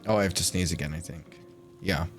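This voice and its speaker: A man's voice: sits low, a little fast, over music. A man streaming a game, chatting casually with a wry, profane manner. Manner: wry, profane, swearing freely. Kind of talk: casual gameplay commentary.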